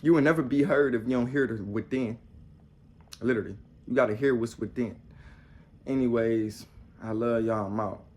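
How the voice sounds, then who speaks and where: Husky young man preaching bluntly. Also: mid-range voice, moderate pace, pauses often, a little mellow. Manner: blunt and profane, repeats rhetorical questions; preachy, talks straight to the viewer. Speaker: motivational vlogger. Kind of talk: casual motivational monologue.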